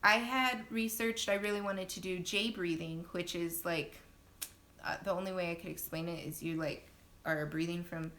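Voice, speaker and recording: A young woman casually telling her birth story on a phone live stream, chatty and laughing often, acting out quotes in sudden loud high bursts. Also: steady tone, moderate pace. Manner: laughs often, many fillers.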